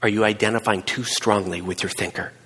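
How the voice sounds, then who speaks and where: A middle-aged man preaching a sermon, telling a personal story with emphatic swings between hushed and raised delivery. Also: on the low side, fairly even intonation, brisk, breathy edge. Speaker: pastor. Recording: long hall reverb.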